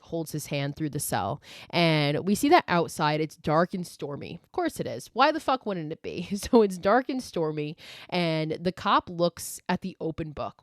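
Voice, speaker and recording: A woman's voice: deep voice, no room sound, studio quality. A woman podcast host casually retelling a horror movie plot, chatty and profane, with lots of "like". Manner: chatty and profane, heavy use of "like".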